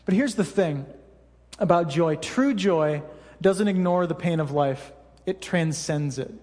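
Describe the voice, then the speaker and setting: A man's voice: a little high, expressive, a little slow, a little mellow. A man in his thirties preaching a sermon to a church congregation, telling stories in a conversational, self-deprecating way with lots of fillers. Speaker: pastor. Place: church hall. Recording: reverberant church hall.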